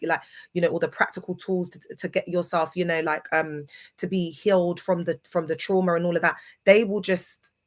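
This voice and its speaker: Woman, lower voice, casual livestream, emphatic, preachy, grieving. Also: steady tone, moderate pace. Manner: emphatic, preachy, keeps asking if listeners understand.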